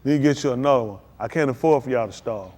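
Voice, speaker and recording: A pastor preaches a live-streamed sermon to his congregation, hammering home short, punchy declarations with emphatic repetition. His voice is medium-pitched and somewhat dark, and he talks quickly.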